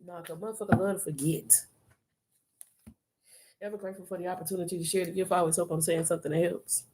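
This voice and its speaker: A woman reads tarot on a live stream in a lowish, steady, warm voice, speaking fast over slight background noise. She coaches the viewer in an emphatic, streetwise, profane way, repeating phrases for emphasis.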